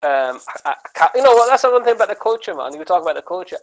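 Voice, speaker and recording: A man, a comedian guesting on a podcast, telling animated, rambling stories in casual chat and tagging his lines with "man" and "right?". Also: sits high, very fast, low-quality recording. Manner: animated storytelling, rambling with many restarts.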